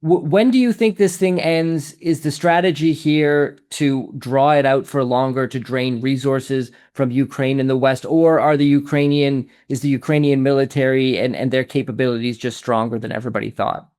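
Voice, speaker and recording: A man's voice: medium pitch, fairly even intonation, moderate pace, few pauses, a little mellow, smooth. Man hosting an interview, asking questions. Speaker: podcast host.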